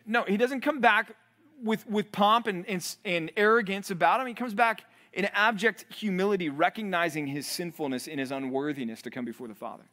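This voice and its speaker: Pastor, male, higher-pitched, animated sermon delivery with acted-out voices. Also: a little fast, hardly any pauses. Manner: animated, acts out quoted voices.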